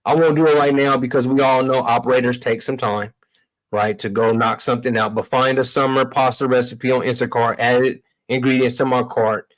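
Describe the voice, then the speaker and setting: This livestream host's medium-pitched voice barely moves in pitch as he talks briskly through casual tech demos. His style is slangy and relaxed, with plenty of y'all aimed at viewers, over poor audio.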